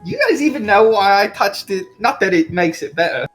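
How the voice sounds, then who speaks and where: Animated mid-pitched player, wisecracking, faint music behind. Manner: joking, quick reactions. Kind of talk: casual tabletop play.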